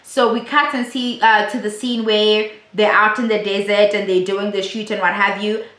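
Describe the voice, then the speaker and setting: A woman chats through a reality show recap in a loose, blunt way and swears freely. Her voice sits at an ordinary middle pitch. The recording has a noticeably roomy echo. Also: little pitch movement, moderate pace, a bit bright. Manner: chatty, blunt and profane. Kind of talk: casual recap commentary.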